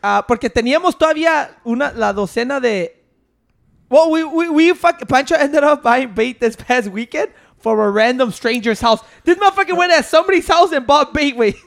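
Guy on a podcast, really high voice with a gravelly rasp, swearing and ranting about fishing trips. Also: brisk. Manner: animated storytelling, heavy swearing, code-switching. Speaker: podcast co-host. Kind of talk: casual banter.

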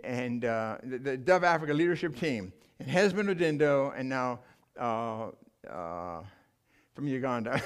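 An older man preaching in a church, telling mission stories in an animated, emotional way with frequent restarts. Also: a little high, smooth. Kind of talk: sermon storytelling.

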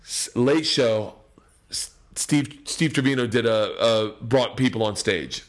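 A middle-aged man telling wild stand-up stories in a casual, profane talk, swinging between loud and hushed. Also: medium pitch, unhurried. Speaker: guest comedian. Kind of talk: casual podcast storytelling.

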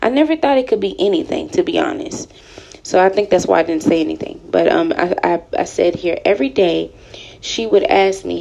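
A woman in her thirties, from Houston, Texas, reading aloud from her own written story and adding personal comments, soft and halting with many ums. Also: fairly low pitch, creaky, rough recording. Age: 30s. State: emotional, near tears.

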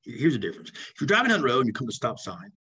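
A man co-hosting a casual talk, an animated storyteller who acts out the voices of the people in his stories. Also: mid-range voice, racing, husky. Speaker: home sales veteran, podcast co-host.

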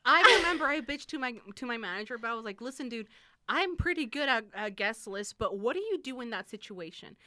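A woman's voice: fairly high pitch, lively intonation, a little fast, bright, forceful tone, slight background noise. A woman in casual chat, venting bluntly about retail work. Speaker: former retail store worker.

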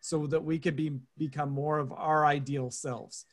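A man's voice: fairly high pitch, level tone, moderate pace. A man appearing as an author guest on a podcast, eager and thoughtful as he explains his work. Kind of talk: casual interview chat.

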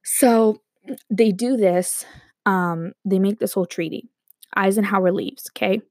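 A young woman casually telling a rambling story to her viewers, animated and quick to laugh. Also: mid-range voice, no room sound, studio quality. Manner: animated, rambling, breaks into quoted voices and laughs.

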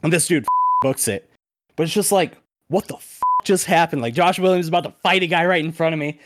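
A man hosting a podcast, telling a story in a casual, animated way with plenty of swearing. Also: on the high side, fast talker, background noise. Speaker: podcast host. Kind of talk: casual chat.

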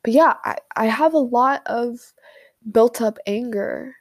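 Slow, halting young woman venting. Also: a little high. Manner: halting, unscripted, with many fillers and pauses. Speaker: vlogger. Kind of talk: personal venting monologue. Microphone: phone voice memo.

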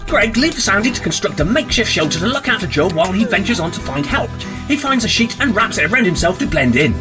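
A man's voice: high-pitched, big pitch swings, fast, over music. A man narrating an amateur audio drama. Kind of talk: scripted narration.

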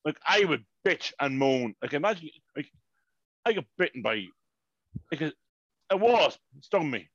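A man rants through a story with lots of swearing, his voice jumping up and down in a high register. The sound is dry and dull, like a lo-fi podcast mic. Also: measured pace, long pauses, dry recording. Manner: animated, swearing, ranting storyteller. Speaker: podcast co-host. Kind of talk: casual chat.

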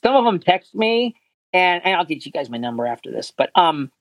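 A man's voice: sits high, sing-song, brisk, no room sound, low-quality recording. A man, a voice actor, chatting in an interview, rambling and earnest with many restarts. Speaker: voice actor guest. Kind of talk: casual interview chat.

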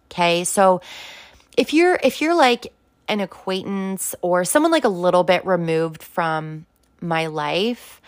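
A woman's voice: mid-range voice, dry recording. A young woman venting bluntly to camera, swearing often and filling her talk with "like". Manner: blunt, profane, heavy use of "like". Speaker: vlogger talking about sobriety. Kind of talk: casual direct-to-camera rant.

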